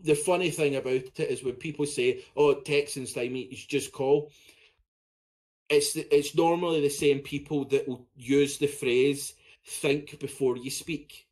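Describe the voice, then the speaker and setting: A man's voice: mid-range voice, fairly even intonation, a little slow, darkish tone. A man co-hosting a podcast in casual, blunt, sweary chat. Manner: blunt, sweary, talks in short bursts. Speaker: podcast co-host.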